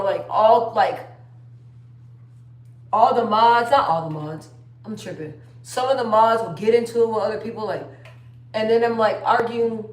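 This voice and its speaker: A young woman chatting casually on a phone live stream, rambling and trailing off. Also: on the high side. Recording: roomy echo.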